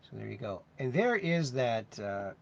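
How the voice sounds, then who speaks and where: A man's voice: mid-range voice, big pitch swings, measured pace, vocal fry. A man hosting a casual livestream, chatting and reading viewer comments aloud in a sing-song voice. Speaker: host. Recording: dull lo-fi sound with faint noise.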